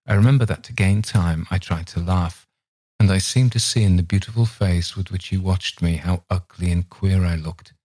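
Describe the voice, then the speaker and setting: Deep husky male audiobook narrator. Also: normal speed, a little mellow, no echo.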